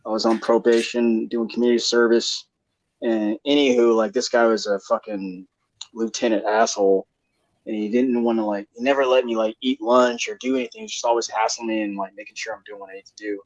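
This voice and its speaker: A man's voice: medium pitch, fairly even intonation, a little fast, no room sound. Rambling young man telling a story. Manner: rambling, laughing, heavy slang and swearing. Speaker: panelist. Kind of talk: casual storytelling. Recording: dull lo-fi live stream audio.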